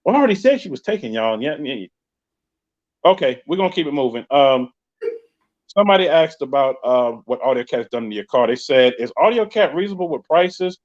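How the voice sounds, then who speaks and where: A man's voice: medium pitch, sing-song, brisk, a little mellow. Chatty New York man, lo-fi sound. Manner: chatty, joking, reads viewer comments aloud. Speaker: podcast host. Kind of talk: casual live-stream chat reading comments. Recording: dull lo-fi sound.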